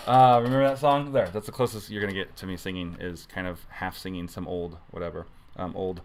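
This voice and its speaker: A man's voice: sits low, steady tone, brisk, slight background noise. A man giving a casual devotional talk as a youth pastor, rambling and conversational, often correcting himself mid-sentence.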